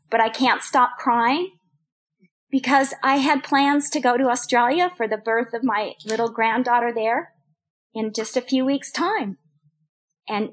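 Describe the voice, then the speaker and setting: Older female Bible teacher, high pitch, earnest personal sermon delivery. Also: a bit bright. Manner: earnest, personal, repeats phrases for emphasis.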